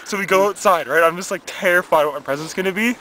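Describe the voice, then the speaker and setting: A man's voice: high-pitched, quick pace, bright, forceful tone, a little hiss or hum. A young man telling a comedic story casually, rambling with fillers and stifled laughs. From Canada. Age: young adult.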